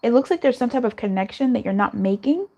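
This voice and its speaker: A woman's voice: on the high side, expressive, quick pace, dark tone, highs cut off. A young woman doing a live tarot reading in a chatty, reassuring way, giggling and swearing now and then. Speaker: tarot reader.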